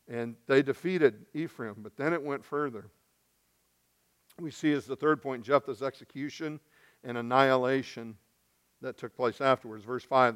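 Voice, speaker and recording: A man from Arkansas, preaching a sermon and acting out the voices in the story, swinging from loud to hushed. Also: medium pitch. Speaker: pastor.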